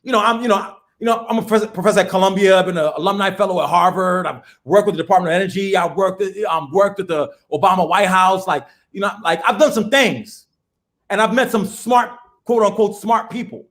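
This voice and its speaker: A man, a professor talking as a guest in a casual, animated, slangy way, laughing as he goes. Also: high-pitched, fast. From the Bronx, New York. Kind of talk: casual conversation.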